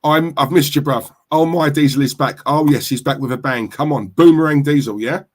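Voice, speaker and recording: A man's voice: fairly high pitch, brisk. Chatty London man streaming. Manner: chatty, shouts out viewers with slang. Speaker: football livestream host. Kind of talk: casual live stream chat.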